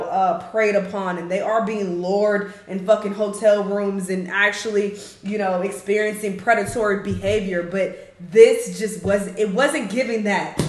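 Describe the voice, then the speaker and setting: A woman, hosting a reaction video and giving her frank, slangy opinion with plenty of swearing. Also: mid-range voice. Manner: blunt, frank, swears freely; slangy, with mocking mimicry of others. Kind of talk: casual opinion commentary. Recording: echoey room.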